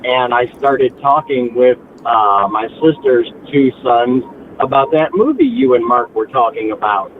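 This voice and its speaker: A man calling in to a talk show, telling a story with animated asides and mimicking relatives. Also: mid-range voice, unhurried. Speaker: caller. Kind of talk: casual phone-in chat. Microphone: phone. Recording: tinny phone line with faint hiss.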